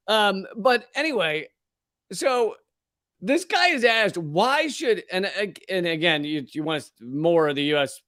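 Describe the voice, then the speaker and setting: A man's voice: on the high side, a bit bright, no echo, studio quality. A male comedian hosting his show, ranting with profanity and sarcastic mockery. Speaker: comedian host. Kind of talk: ranting political commentary.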